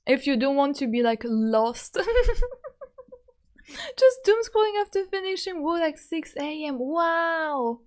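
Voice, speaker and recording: A woman's voice: sits high, animated, slow. A young woman from France with a French accent, chatting casually and giggling often with her live-stream viewers.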